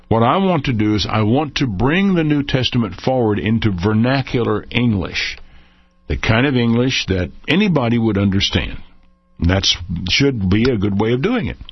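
An older man giving a measured teaching talk on Bible translation, stretching key words for emphasis, in a dull lo-fi recording. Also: lowish voice, breathy edge, dry recording.

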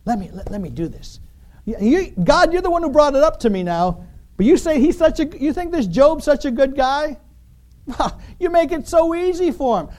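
A man voicing the devil as a sly, pleading male figure who coaxes for permission. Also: a little mellow. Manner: coaxing, cajoling, high and quick.

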